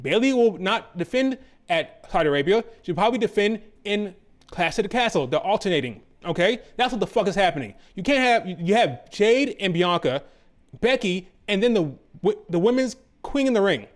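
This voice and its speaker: Man with a high voice, exasperated profane ranter, sarcastic, heated commentary. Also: big pitch swings, moderate pace. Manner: profane, exasperated ranting with sarcastic mock quotes. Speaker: wrestling commentator. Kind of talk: ranting commentary.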